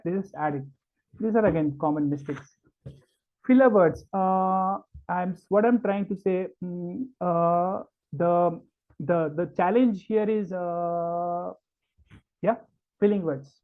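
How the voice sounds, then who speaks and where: A man from India leading an online public speaking workshop, stressing words slowly and filling pauses with "uh" and "um". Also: sits high. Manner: emphatic, stretches key words, many fillers. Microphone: video call. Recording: tinny call-like audio.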